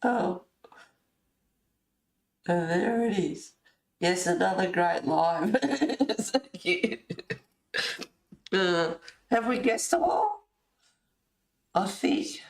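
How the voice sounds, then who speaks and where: A woman chatting with her viewers on a colouring livestream, answering the chat in a relaxed, unhurried way. Her voice sits in a middle range and carries a roomy echo from the space around her. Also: lowish voice, creaky, distant mic. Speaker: livestream host of a colouring club. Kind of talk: casual chat with a live chat.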